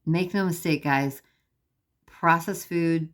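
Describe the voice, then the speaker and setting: Woman, somewhat low voice, earnest emphatic vlogger, talks to viewers. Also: slow pace. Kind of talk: personal video diary.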